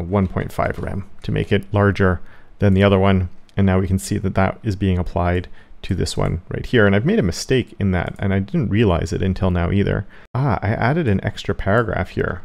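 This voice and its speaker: A middle-aged man teaching web coding in a relaxed screen-share tutorial, explaining step by step and correcting himself as he goes. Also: on the low side, gravelly. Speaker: web development instructor.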